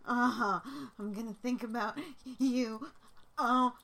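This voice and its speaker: Young adult woman, intimate self-recorded audio; breathy, unhurried delivery with frequent whispers, light bright tone. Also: a little high, fairly even intonation. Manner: breathy, drawn-out, slips into whispers. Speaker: amateur adult audio creator.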